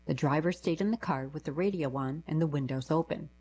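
A woman reading short newspaper diary columns aloud for a radio reading service, in a plain, even manner. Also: deep voice, brisk, slightly rough, rough recording.

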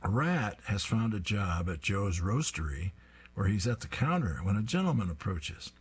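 A man's voice: on the low side, sing-song, moderate pace, husky. A man reading comic strips aloud, describing each panel with amused asides.

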